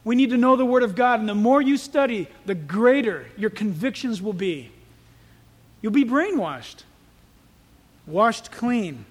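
High pitched preacher guy, lively storytelling sermon, big echoey church sound. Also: unhurried. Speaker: pastor. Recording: echoey hall with long reverb.

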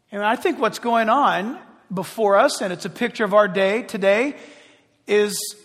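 High-voiced animated male preacher. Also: in a large hall. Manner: animated, conversational preaching with restarts and acted-out quotes. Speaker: pastor. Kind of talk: sermon.

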